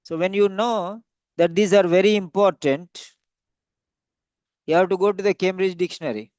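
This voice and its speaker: Casting: high-pitched male teacher, emphatic and repetitive, dry close sound. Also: normal speed, a little mellow, dry recording, muffled recording. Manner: repetitive, emphatic, stretches key words. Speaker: English teacher. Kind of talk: classroom lecture.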